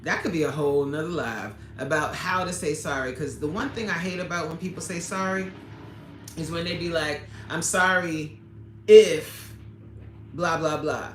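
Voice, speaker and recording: Fielding comments from viewers on a relaxed live chat, this woman fitness coach is candid and emphatic, frequently breaking into laughter. She speaks a little fast in a low, somewhat bright voice, recorded in an echoey room with faint ambience and slight hiss or hum.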